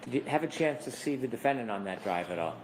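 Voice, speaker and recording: A man's voice: medium pitch, animated, background noise. Man questioning a witness in court. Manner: measured, methodical questions. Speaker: prosecutor.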